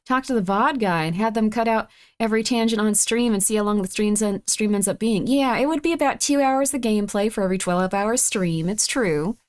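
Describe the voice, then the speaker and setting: Streaming live, a woman rambles a little fast in casual conversation, answering viewers' messages with sudden squeals and dramatic rises and falls in pitch.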